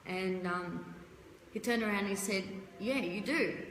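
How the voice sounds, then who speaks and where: A woman's voice: mid-range voice, unhurried. An Australian woman in her thirties tells her own story on a live stream, blunt and earthy, holding back tears. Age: 30s. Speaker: guest. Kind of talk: emotional personal testimony on a live stream. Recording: echoey room with faint noise.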